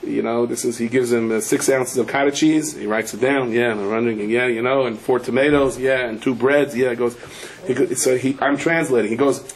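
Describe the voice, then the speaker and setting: Speaking a little fast with hardly any pauses and fairly even intonation, a middle-aged rabbi offers a humorous sermon of anecdotes. He drops in Yiddish and Hebrew and his pitch leaps when quoting people. The recording is rough.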